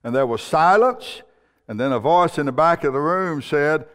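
A man's voice: on the high side, expressive, normal speed, a bit bright, clear, resonant tone. Earnest male preacher in echoing church. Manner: storytelling, earnest. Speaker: pastor. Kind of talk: sermon. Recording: long hall reverb.

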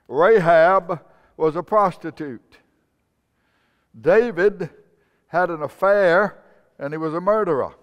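A man preaching a sermon, stressing each name with a rise and then dropping to a low, slow finish. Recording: long hall reverb.

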